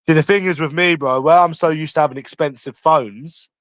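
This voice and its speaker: A brash Londoner rambles and swears freely through a casual live stream from his room at home. His voice is somewhat high for a man, brisk and fairly bright, and the sound is dry and close with no room echo.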